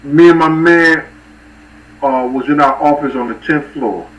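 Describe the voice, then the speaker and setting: A man telling rambling street stories and giving shout-outs to viewers on a casual livestream. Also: a little high, measured pace, recorded from a distance, poor audio. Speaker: livestream host.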